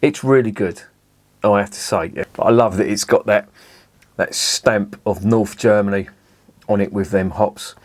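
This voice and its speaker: Chatty man reviewing beer, low voice. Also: steady tone, normal speed. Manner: chatty, rambling, savouring. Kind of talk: casual tasting review to camera.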